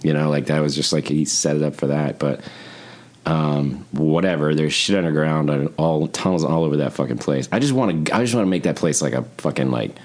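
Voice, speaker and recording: A man's voice: extremely low pitch, brisk. A man co-hosting a casual podcast conversation, rambling, swearing often and acting out other people's lines as he tells stories. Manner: profane, rambling, animated storytelling. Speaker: podcast co-host.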